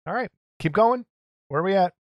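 A man's voice: high voice, animated, a little fast, dry recording. A man co-hosting a casual podcast chat, teasing his partner with dry ribbing. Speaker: podcast co-host.

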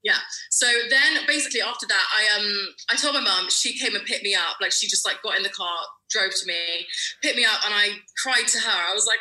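A young woman tells a long personal story at a brisk clip. Her voice is very bright and forward. She rambles in a chatty way, full of fillers, and acts out the people she quotes. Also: mid-range voice, poor audio. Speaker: guest. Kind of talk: casual chat, personal story.

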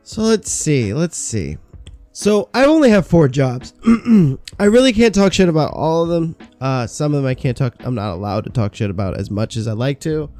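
A man's voice: a little high, big pitch swings, normal speed, dark tone, soft background music. A man in his thirties, a podcast co-host, telling stories about old jobs in casual chat, swearing freely. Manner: swearing, storytelling with quoted asides.

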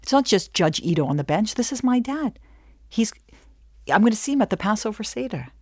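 A woman's voice: mid-range voice, fairly quick, dry recording, clean studio sound. A woman giving a humorous teaching talk, telling stories animatedly, acting out dialogue and checking in with "okay?". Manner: animated storytelling, acts out dialogue; rhetorical questions, frequent "okay?". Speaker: speaker.

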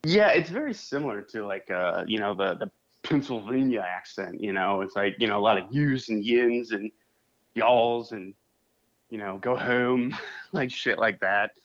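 Low-voiced laid-back podcast guy. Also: lively intonation, moderate pace, a bit bright. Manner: loose and laughing, swears casually. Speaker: podcast co-host. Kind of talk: casual chat. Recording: muffled lo-fi sound.

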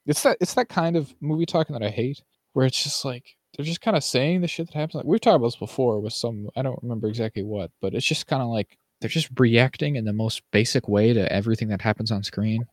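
A man's voice: mid-range voice, fast talker, no room sound, studio quality. A man co-hosting a podcast in casual chat, ranting animatedly and mimicking people he quotes. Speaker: podcast co-host.

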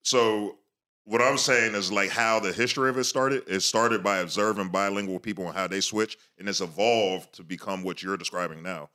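Man with a bright, lowish voice. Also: steady tone, moderate pace. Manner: explanatory, thinks aloud with fillers and restarts. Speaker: podcast co-host. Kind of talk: casual panel discussion.

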